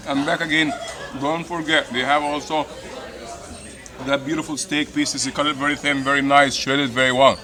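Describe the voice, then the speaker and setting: A middle-aged man eating and reviewing a meal, effusive and a little hoarse from hot pepper. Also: on the high side, level tone, moderate pace. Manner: enthusiastic, repeats "delicious" and "beautiful". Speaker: food vlogger. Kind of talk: casual food review while eating. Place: busy restaurant, indoors. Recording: noisy restaurant with crowd chatter. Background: crowd chatter.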